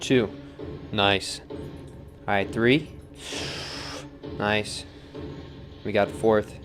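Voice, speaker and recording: A man's voice: fairly low pitch, extremely slow. Laid-back man teaching pottery live. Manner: relaxed, chatty, reads viewer comments, counts aloud softly. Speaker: potter demonstrating on the wheel. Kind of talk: live-streamed pottery demo, casual teaching. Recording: faint music in background.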